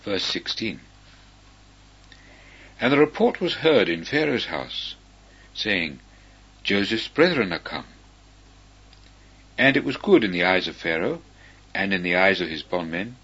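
A man reads scripture in a solemn, deliberate way, with pauses between phrases. His voice is fairly low and husky. The recording sounds dull and lo-fi. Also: very animated, sharp tone. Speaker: scripture reader. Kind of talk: slow measured scripture reading.

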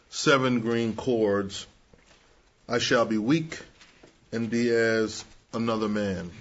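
A man preaching to young people, measured and emphatic, acting out the people he quotes. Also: mid-range voice, lo-fi sound. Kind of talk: sermon.

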